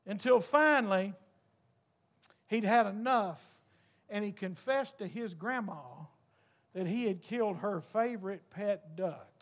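High-voiced preacher telling a story. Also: male voice, a little slow, long pauses. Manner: storytelling, building to fervent shouts. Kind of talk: sermon.

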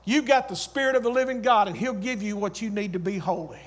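Man, very high voice, preacher, sermon, repeated exhortations, calls to the congregation. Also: quick pace. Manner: swings from loud urging to quiet storytelling.

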